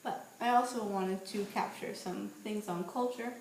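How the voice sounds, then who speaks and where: A young woman in her twenties chats to a handheld camera, telling stories in a lively, playful way. The sound is roomy and echoey. There is a faint hum of ambient noise behind her. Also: medium pitch, moderate pace. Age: 20s. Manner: chatty, animated, playful storytelling. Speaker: vlogger. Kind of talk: casual vlog monologue. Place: outdoors on a street at night.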